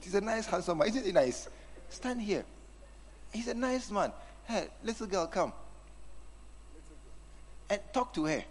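A man's voice: high-pitched, animated, measured pace, long pauses. A man preaching a sermon, teasing and acting out scenes with his congregation. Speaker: pastor.

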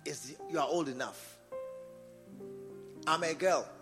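A man with a Ghanaian English accent preaching a sermon in church, repeating phrases and swinging from quiet talk to loud exhortation. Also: fairly high pitch, takes it slowly, over music. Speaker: bishop preaching. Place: church service.

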